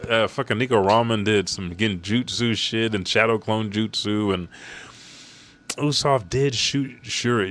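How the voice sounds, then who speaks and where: Casual: deep voiced dude recapping manga, cusses a lot, gets hyped n yells at characters. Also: male voice. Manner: excited, swears freely, talks to the characters. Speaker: channel host recapping a manga chapter.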